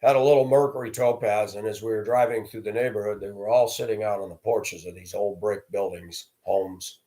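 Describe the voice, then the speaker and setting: A man's voice: on the low side, fairly even intonation, fairly quick, warm tone. A middle-aged man telling personal stories in a blunt, plainspoken way. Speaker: storyteller host. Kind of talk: personal storytelling monologue.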